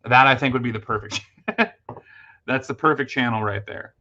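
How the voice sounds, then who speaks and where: A man's voice: mid-range voice, steady tone, moderate pace, sharp tone, muffled recording, slight background noise. A man hosting a casual late-night livestream, chatting with viewers and thanking them, with lots of fillers and restarts. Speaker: livestream host.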